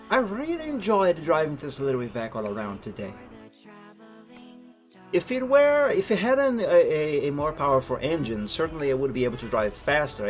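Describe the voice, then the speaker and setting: A young man with a foreign accent and medium pitch streams a driving game, chatting casually and rambling while correcting himself. Loud lofi music and a truck engine play in the background of his live-stream talk.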